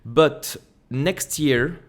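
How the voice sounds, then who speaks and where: A man with a French accent hosting an investing channel, commenting on an earnings report while sharing his screen, reading haltingly, correcting himself and breaking off into quick asides. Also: fairly high pitch. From France.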